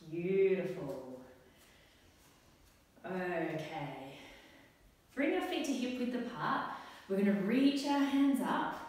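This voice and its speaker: A young woman leads a children's yoga class with gentle, encouraging cues, taking her time over every instruction. Her voice comes from across a big, echoey hall with a long ring of reverb. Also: medium pitch, recorded from a distance. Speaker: kids' yoga teacher.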